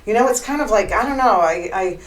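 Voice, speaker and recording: A woman's voice: mid-range voice, expressive, fairly quick, low-quality recording. A middle-aged woman hosting her own podcast, talking in a chatty, rambling, opinionated way with plenty of filler words. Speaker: podcast host. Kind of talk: casual solo commentary.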